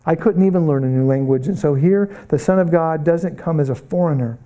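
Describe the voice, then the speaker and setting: Brisk and animated, a middle-aged man teaches missions at a Bible college, pausing often to question his students. His slightly high voice carries a deeply mellow warmth, and his tone is earnest throughout.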